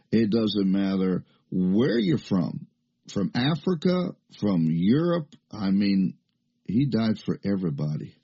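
A man's voice: fairly low pitch, warm tone, husky. An older man preaching a sermon in an emphatic, folksy way, with fillers and rising questions. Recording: muffled lo-fi recording.

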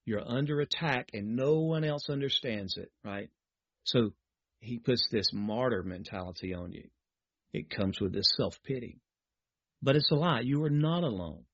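A man's voice: medium pitch, husky, dry recording, muffled recording. A man preaching a sermon, reading scripture aloud and then speaking straight to his listeners.

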